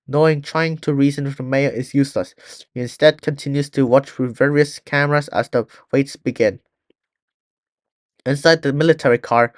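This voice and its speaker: A man's voice: medium pitch, no echo, clean studio sound. A man reading a fan-written story aloud in a plain way, often restarting words. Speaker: story reader.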